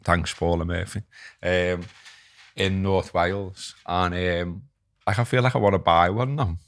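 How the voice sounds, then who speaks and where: A man's voice: low-pitched, fairly even intonation, measured pace, no echo. A man in his forties with a Liverpool accent, co-hosting a podcast and telling stories in casual chat, often repeating his words. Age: 40s. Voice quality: chatty, repeats words, storytelling. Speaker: podcast co-host.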